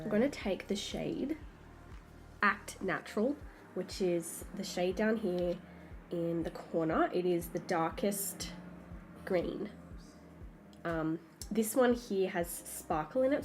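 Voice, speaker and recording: An Australian woman, a makeup artist, chatting through a makeup tutorial step by step as she works. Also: fairly low pitch. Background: soft background music.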